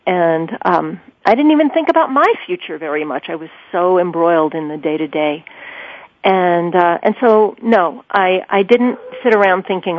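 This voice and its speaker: A woman guest in an interview, recalling a story with animated swings in pitch. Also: normal speed, no room sound. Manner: animated, pitch leaps when quoting herself. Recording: tinny phone line.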